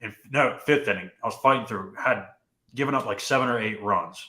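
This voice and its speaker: A man's voice: fairly low pitch, fairly quick, sharp tone, echoey room. A young man co-hosting a sports podcast, telling a story casually and often saying "dude" and "like". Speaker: podcast co-host.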